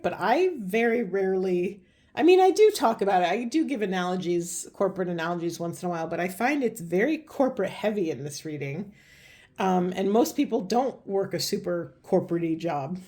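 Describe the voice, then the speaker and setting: A woman with a mellow, soft-edged voice gives a spiritual card reading. She wanders from thought to thought and reaches for words with plenty of fillers, and her voice is getting slightly hoarse. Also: mid-range voice, lively intonation, moderate pace. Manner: meandering, searching for words with many fillers. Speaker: tarot reader.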